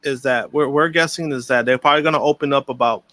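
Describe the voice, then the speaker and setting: Bright-voiced man thinking aloud. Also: medium pitch, fast, no echo. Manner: thinks aloud, repeats his words. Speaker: podcast co-host. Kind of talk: casual chat.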